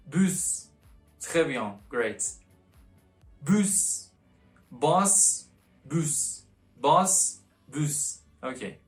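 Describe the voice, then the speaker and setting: Low-voiced woman drilling French words. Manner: repeats words slowly and coaxes the listener to repeat. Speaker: French teacher. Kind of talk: vocabulary lesson with repetition drills.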